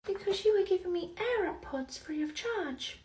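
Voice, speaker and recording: Woman playing a deadpan, unflappable coworker. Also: very high-pitched, normal speed, distant mic. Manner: deadpan, quiet and flat. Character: dry, unflappable female coworker. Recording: roomy echo, faint noise.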